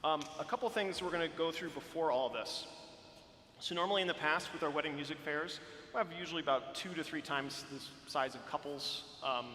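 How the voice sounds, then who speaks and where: Church music director, male, bright ringing voice, loose rambling delivery, mic in a big reverberant church. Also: a little high, brisk, a little hiss or hum. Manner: friendly, rambling, many fillers and restarts. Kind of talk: live-streamed informational talk. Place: large church interior. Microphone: handheld or stand microphone. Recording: echoey hall, faint room ambience.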